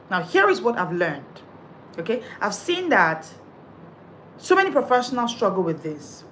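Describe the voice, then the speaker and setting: A woman's voice: mid-range voice, fairly bright tone, a little hiss or hum, rough recording. A woman confidence coach giving an emphatic, preacherly live talk, counting off numbered speaking tips.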